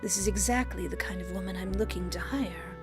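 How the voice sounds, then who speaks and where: A woman's voice: on the low side, close to an everyday voice. A woman putting on a poised French-accented witch. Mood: cool, composed. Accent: put-on French. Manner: smooth, formal, unhurried. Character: poised, tall female witch, coolly detached. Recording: background music under the voice.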